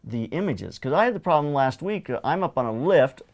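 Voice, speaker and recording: A man hosting a show, chatting casually and telling stories in an animated, jokey way with frequent laughter. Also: on the high side, a little fast, gravelly. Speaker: show host. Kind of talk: casual co-hosted chat.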